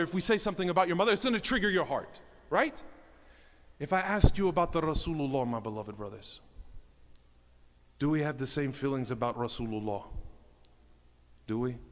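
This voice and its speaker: Man, higher-pitched, preaching with urgency in a reverberant hall. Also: a bit bright. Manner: earnest, exhorting, repeats "my beloved brothers". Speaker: speaker at a religious center. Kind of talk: sermon. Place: mosque hall. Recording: long reverb of a large hall.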